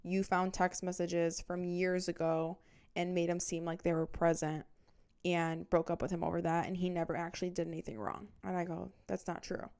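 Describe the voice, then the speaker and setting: A young woman with a smooth, clear voice that sits a little low for her. She hosts a casual storytime and retells events candidly and dramatically, swearing freely as she goes. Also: flat delivery, moderate pace, a little mellow. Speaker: podcast host.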